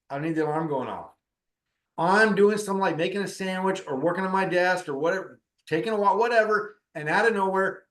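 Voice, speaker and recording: A middle-aged man with a slightly high voice tells a story about spiritual practice in a relaxed, conversational way. He drifts into the voices of the people in his story as he goes. The recording has a noticeable roomy echo. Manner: conversational, acts out quoted dialogue. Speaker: spiritual teacher and counselor.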